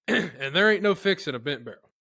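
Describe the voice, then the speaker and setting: A man's voice: on the high side, expressive, creaky, bright, forceful tone, no room sound, clean studio sound. A man, co-hosting a hunting podcast and chatting casually with his friend. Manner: friendly backchanneling, quick to laugh along. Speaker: podcast co-host.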